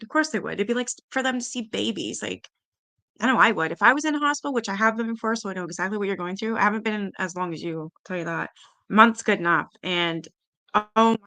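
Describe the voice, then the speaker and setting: Woman streamer, casual and chatty, swears freely, mid-pitched voice, dry close sound. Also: vocal fry, sharp tone, no room sound. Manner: chatty, swears freely, talks to her chat; coos at her cats in a high baby voice. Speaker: true-crime livestream host. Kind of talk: casual livestream chat.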